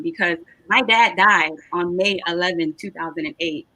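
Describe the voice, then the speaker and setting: A woman's voice: on the low side, normal speed, bright, forceful tone, dry recording, poor audio. A woman in her thirties, a political candidate giving a passionate personal speech with a rousing, preacher-like cadence over a video call. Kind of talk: impassioned personal speech on a panel.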